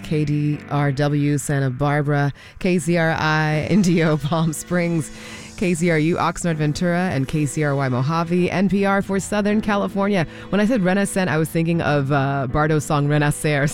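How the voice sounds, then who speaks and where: A woman's voice: low voice, moderate pace. Chatty woman radio DJ over music. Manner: relaxed, chatty, laughs lightly. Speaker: radio DJ host. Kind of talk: casual radio announcing.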